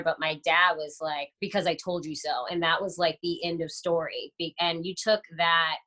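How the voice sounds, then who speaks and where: A woman's voice: on the low side, sharp tone. A woman co-hosting a podcast, affirming a guest and telling a story from her own upbringing. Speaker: podcast co-host. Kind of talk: casual podcast chat.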